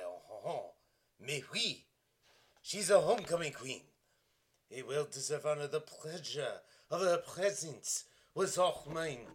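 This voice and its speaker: A man's voice: a little high, pitched above the performer's own voice. A man voicing an over-the-top male poet with an exaggerated fake French accent, reciting with theatrical sighing flourishes.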